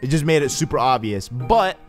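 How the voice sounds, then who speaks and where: A man hosts a let's play with casual, rambling commentary full of jokes. His voice rises and falls with lively swings of pitch. Faint music sits behind him. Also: brisk. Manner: rambling, joking, says "man" often.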